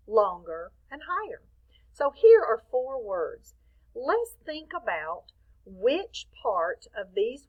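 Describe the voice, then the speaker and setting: A woman's voice: fairly high pitch, low-quality recording. A woman teaching a children's phonics lesson, patient and encouraging, drawing words out to show stress. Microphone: phone or webcam.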